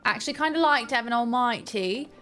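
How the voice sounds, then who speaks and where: A young woman with a fairly high voice, chatting live to her viewers while she plays a game. She is playful and jokey throughout, with a bit of music faintly underneath. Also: fast talker. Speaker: game streamer. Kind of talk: casual live-stream chat.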